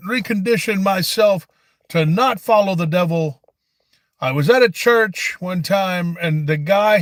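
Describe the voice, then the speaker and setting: A man's voice: high voice, dry recording. A man voicing a preachy, forgetful old grandfather who rants, stammers and drifts into rambling asides in a satirical comedy monologue.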